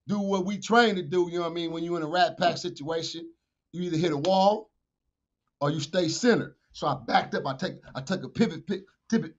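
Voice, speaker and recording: A man, a podcast guest telling a street story with profanity, acted-out dialogue and shouted sound effects. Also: sits high. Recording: dull lo-fi podcast audio.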